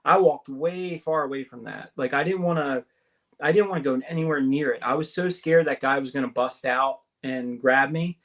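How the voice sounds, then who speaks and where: A man, a guest on a radio show, tells an experience of his own in an animated way, filling his talk with "like" and "right?" and raising his voice to act out the people he quotes. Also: moderate pace. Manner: excited, repetitive, uses many fillers and tag questions; acts out the quoted voices, jumping higher for them. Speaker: guest recounting an abduction experience. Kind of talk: animated personal storytelling. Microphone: call-in or studio mic on a talk radio show.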